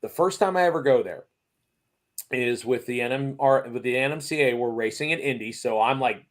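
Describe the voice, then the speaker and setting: A man's voice: mid-range voice, a little fast. A man telling a long restaurant anecdote in casual chat, rambling and acting out the quotes. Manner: rambling, animated anecdote teller who acts out quotes. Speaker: racing series guest. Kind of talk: casual storytelling.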